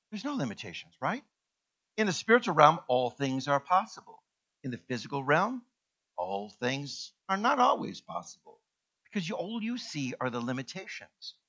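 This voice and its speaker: A man preaching a sermon as minister, animated and emphatic, firing off rhetorical questions to his congregation. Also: fairly high pitch, highs cut off.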